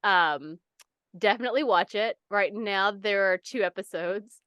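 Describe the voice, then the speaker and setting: A young adult woman co-hosting a podcast in casual chat, animated and swearing, acting out people's reactions. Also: mid-range voice, unhurried, clean tone, no echo, muffled recording. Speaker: podcast co-host.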